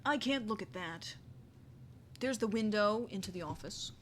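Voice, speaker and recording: A woman's voice: mid-range voice, animated, moderate pace, a little hiss or hum. A woman streaming a video game from her home desk, chatting casually and playfully and reading the on-screen text aloud with frequent giggles. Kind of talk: casual gaming commentary. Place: home desk with a squeaky chair.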